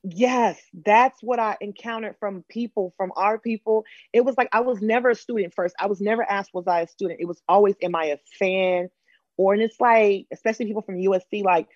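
A woman in her thirties from Los Angeles, telling her story as an interview guest, animated and acting out other people's lines. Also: medium pitch, brisk, dry recording, highs cut off.

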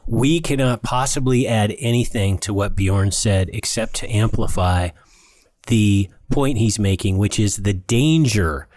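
A man's voice: fairly low pitch, a little mellow, no room sound. Man co-hosting a political chat. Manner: reads listener comments, drawn-out emphatic phrasing. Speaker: podcast co-host.

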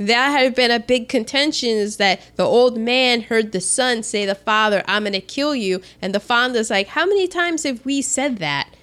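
A woman's voice: fairly high pitch, normal speed, few pauses. A woman co-hosting a podcast, chatting casually and animatedly as she quotes scenes from a film. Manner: animated, jumps in with quoted lines. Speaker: podcast co-host. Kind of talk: casual chat recapping a film.

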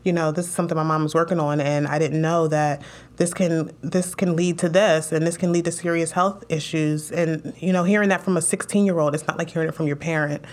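Young woman lawmaker chatting, lower voice, gets emotional and laughs a lot. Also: a little fast. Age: young adult. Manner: emotional, animated storytelling with laughs. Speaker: state legislator. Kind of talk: interview.

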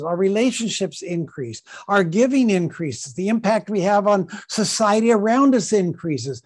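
A man's voice: high voice, a little mellow. A man answering as a podcast guest, emphatic and building up lists of repeated phrases. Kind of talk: interview answer.

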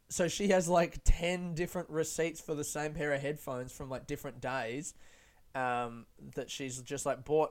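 A man's voice: on the high side, clear, resonant tone. Rambling, sweary young man. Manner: rambling, sweary and self-mocking. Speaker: podcast host. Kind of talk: casual solo podcast chat.

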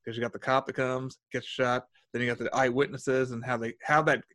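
A man's voice: medium pitch, level tone, a little fast, fairly bright tone. A man co-hosting a casual film review chat, reflective and a bit hesitant, often repeating words. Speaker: podcast co-host.

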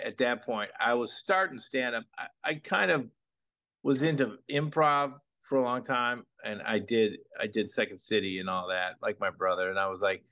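A comedian guest telling an anecdote on a podcast, laughing and acting out what others said. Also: male voice, lowish voice. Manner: animated, laughs while telling, acts out quotes. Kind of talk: anecdotal storytelling.

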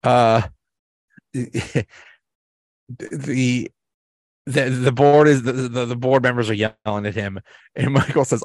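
A man's voice: mid-range voice, fairly even intonation, measured pace, no room sound. A man hosting a podcast, casually recapping and ranking sitcom episodes, rambling with many restarts and small chuckles. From Pittsburgh area, US. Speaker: podcast host.

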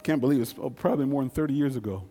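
A man's voice: medium pitch, mellow, soft background music. Folksy man telling a story in a reverberant hall. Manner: folksy, conversational, dramatic pauses. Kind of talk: live personal storytelling.

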